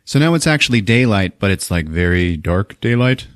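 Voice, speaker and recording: A man's voice: on the low side, normal speed, dry recording, studio quality. A man hosting a podcast, recapping a film in casual chat and acting out the quotes with lots of swearing. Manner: animated retelling with acted-out quotes, swearing. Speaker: podcast host.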